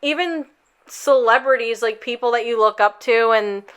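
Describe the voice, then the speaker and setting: A woman's voice: on the high side, moderate pace, a bit bright, clean tone. A young woman co-hosting a podcast, telling a long story in a rambling, casual way full of fillers. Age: young adult. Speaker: podcast co-host.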